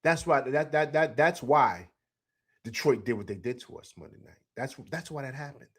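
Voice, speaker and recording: A man's voice: mid-range voice, normal speed, husky. A middle-aged man hosting a live postgame sports show, emphatic and repetitive as he reads out comments and answers them. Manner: animated, emphatic, repeats himself, reads chat comments aloud.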